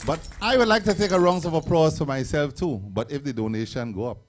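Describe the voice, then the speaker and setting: A man with a Trinidadian accent hosting a live online calypso show, loud and playful, repeating his phrases and calling for applause. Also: fairly high pitch, a little fast. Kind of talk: hyping live stream host.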